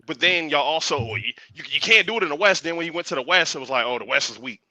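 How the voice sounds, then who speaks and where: A man arguing basketball fast in a dry close sound. His voice is bright and fairly high, and it leaps around in pitch. He talks quickly, mocks the other side, and swears freely. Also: no echo, poor audio. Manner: animated, profane, mocking. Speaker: podcast panelist. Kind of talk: heated sports debate.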